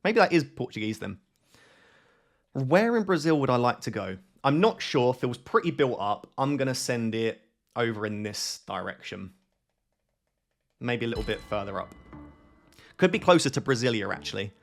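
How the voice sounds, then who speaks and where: Man, gaming host, live gameplay commentary, thinks aloud, questions himself, mid-pitched voice. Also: big pitch swings, normal speed, pauses often.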